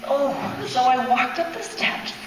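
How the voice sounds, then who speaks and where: A woman's voice: mid-range voice, normal speed, noisy background. Woman giving testimony in an echoey hall. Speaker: church testimony speaker. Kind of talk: personal testimony. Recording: echoey hall, speaker far from mic.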